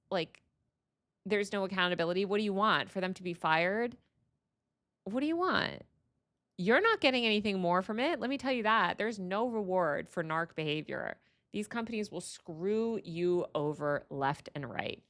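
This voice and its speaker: A woman's voice: mid-range voice, a bit bright. A woman hosting a livestream, ranting in a heated, exasperated way and repeating phrases for emphasis. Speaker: livestream host.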